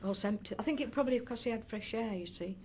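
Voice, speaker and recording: Talking at a quick pace in a fairly high, slightly mellow voice, an older North East Derbyshire woman rambles fondly through her memories for an oral history interview. She often restarts her sentences and adds affectionate asides. There is a little hiss or hum on the recording.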